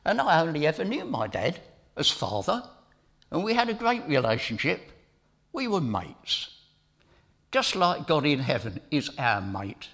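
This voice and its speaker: A man's voice: a little high, big pitch swings, a little slow, a bit bright. A middle-aged man giving an informal sermon as preacher, telling a family story in a chatty way with asides to his listeners.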